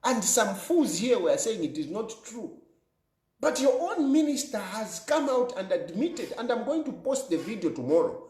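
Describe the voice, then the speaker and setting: A man's voice: high voice, very animated, normal speed, a little mellow, roomy sound, a little hiss or hum. A Zambian man delivering an emphatic political monologue, repeating phrases for effect in an accusing tone. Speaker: political commentator.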